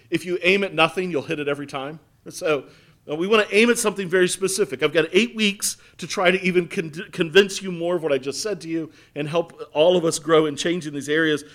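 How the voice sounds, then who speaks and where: A pastor delivers a sermon in an earnest, emphatic way, a man whose voice sits a little high. He presses his points home by repeating phrases. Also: a bit bright.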